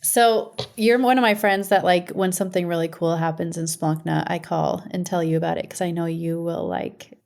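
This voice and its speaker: Woman podcast host, casual and enthusiastic, lowish voice. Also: normal speed, creaky. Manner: animated, enthusiastic, laughs often. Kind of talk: casual conversational interview.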